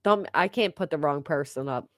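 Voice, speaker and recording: A woman's voice: sits low, normal speed, fairly bright tone, no echo, studio quality. A woman hosting a casual livestream, chatting and gossiping while reading viewer comments aloud, and laughing often. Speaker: livestream host.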